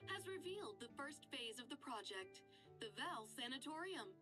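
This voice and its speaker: An actress playing an in-game news reporter, delivering reports in a formal, even tone. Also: female voice, high-pitched, normal speed, music in the background.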